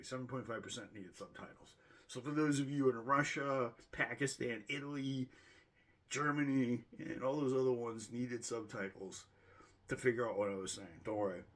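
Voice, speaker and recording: A man's voice: mid-range voice, a bit bright. A man with a Boston accent hosting his own channel, rambling casually through his yearly viewer stats and correcting himself as he jokes. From Boston, United States. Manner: rambling, self-correcting, joking. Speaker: channel host. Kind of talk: casual year-end stats review.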